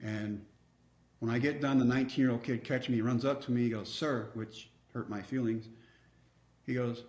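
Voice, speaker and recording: A man in his fifties from Texas, a podcast guest telling a story in an animated way, acting out dialogue with wry, self-mocking humor. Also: mid-range voice, moderate pace. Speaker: podcast guest, former pitcher. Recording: roomy echo.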